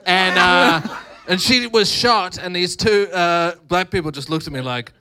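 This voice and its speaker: A man's voice: high voice, a little slow, smooth. A man with an Australian accent telling a rambling comic story on stage at a live podcast show. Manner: animated, shouts quoted lines. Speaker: podcast co-host.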